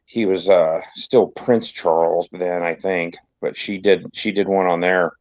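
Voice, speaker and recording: A man talks casually and rambles, stopping and restarting his sentences. His voice sits fairly low. It sounds close and dry, through a dull, muffled phone line. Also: steady tone, unhurried, darkish tone, dry recording. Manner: rambling, with many restarts and fillers. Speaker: guest on a group livestream. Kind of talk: casual chat.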